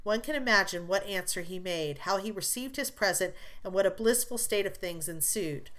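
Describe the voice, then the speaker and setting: A woman reading a classic novel aloud as an audiobook narrator, measured and expressive. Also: mid-range voice.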